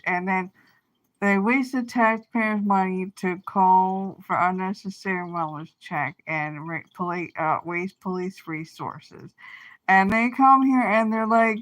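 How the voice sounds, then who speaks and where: A woman on a livestream venting at length, swearing freely and circling back on herself mid-sentence. She talks at an unhurried, dragging pace, with a voice that sits at an ordinary middle pitch. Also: fairly bright tone. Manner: profane, rambling, venting with frequent restarts. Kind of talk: angry livestream rant.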